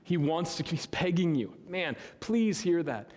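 Earnest preacher in a reverberant hall. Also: male voice, on the high side, animated, unhurried, a little hiss or hum. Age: 30s. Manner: earnest, conversational preaching with sudden rises and hushed drops. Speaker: pastor. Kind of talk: sermon. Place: church sanctuary.

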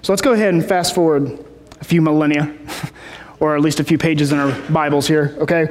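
A man's voice: a little high, fairly even intonation, a little fast, darkish tone. A man preaching a casual sermon, rambling with many fillers and restarts, heard in a large hall.

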